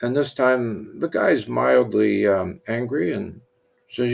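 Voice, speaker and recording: A man's voice: mid-range voice, takes it slowly, vocal fry. A middle-aged man, a priest, telling a parable and drawing a lesson from it, with many restarts and repeated words. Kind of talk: storytelling with a sermon-like lesson.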